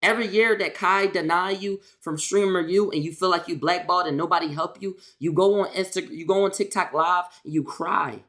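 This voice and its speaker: A woman's voice: fairly low pitch, a little fast, few pauses, a bit bright. A woman streamer ranting casually to her chat in a slangy, exasperated, repetitive way.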